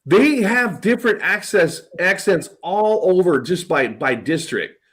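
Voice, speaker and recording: Husky, lively man swearing freely. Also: high voice, a little slow. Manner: blunt, swears a lot, rambling. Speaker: podcast host. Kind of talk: casual chat.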